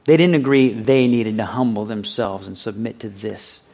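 A man's voice: lowish voice, moderate pace, mellow. A man preaching a sermon as a pastor, talking conversationally and reading scripture aloud. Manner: conversational, acts out quoted voices.

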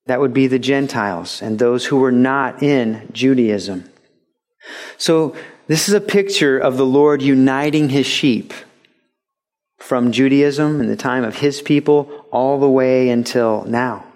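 A male pastor preaching a sermon, animated and acting out little dialogues and mimicking voices for laughs. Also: mid-range voice, normal speed.

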